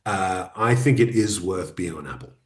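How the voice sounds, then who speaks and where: Man, guest expert, relaxed explanatory tone, lowish voice, echoey room. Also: moderate pace. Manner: relaxed, explanatory advice-giving. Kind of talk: webinar interview.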